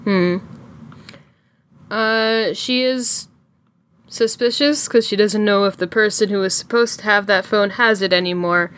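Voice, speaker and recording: A woman's voice: medium pitch, fairly even intonation, measured pace, a bit bright. A woman playing in a tabletop game, speaking casually in brief turns. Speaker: player.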